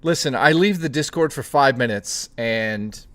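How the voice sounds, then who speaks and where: A man's voice: mid-range voice, animated, a little slow, a bit bright. A man hosting a casual chat stream, rambling and joking with plenty of swearing, greeting chat readers by name. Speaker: livestream host.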